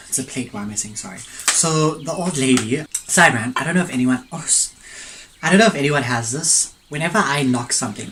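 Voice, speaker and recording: A man's voice: mid-range voice, bright, forceful tone, a little hiss or hum, rough recording. A man casually telling a story between bites of food at home, rambling and drifting into side notes. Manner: rambling, digressive, chatty; eats and tastes food between sentences. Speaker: mukbang vlogger. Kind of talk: casual storytelling while eating.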